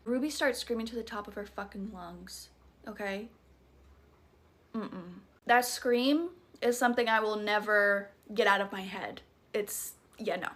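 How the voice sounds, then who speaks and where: A woman's voice: fairly high pitch, pushed and bright. A young woman with a Southern US accent tells a horror story in a casual, dramatic and profane way. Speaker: storytime creator.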